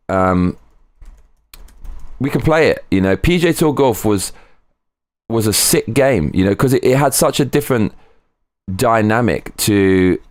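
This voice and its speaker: A man with a fairly low voice streams live from home, chatting casually with no room sound. He rambles and swears as he talks, now and then breaking into bits of song.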